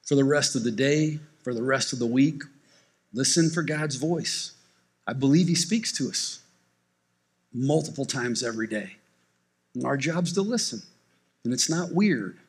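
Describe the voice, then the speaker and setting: A man's voice: medium pitch, breathy edge. A man preaching to his congregation as pastor, talking conversationally and often restarting his sentences. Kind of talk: sermon with personal storytelling. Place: church service.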